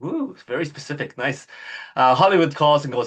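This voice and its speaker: A man's voice: a little high, expressive, brisk, fairly bright tone. A man hosting a podcast interview, upbeat and casual, with filler sounds. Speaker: podcast host.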